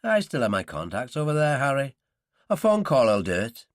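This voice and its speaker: A man's voice: medium pitch, wildly swooping pitch, normal speed, no room sound. A man doing a dry, wry operative. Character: Irish ex-gunman, dry and wry, middle-aged man.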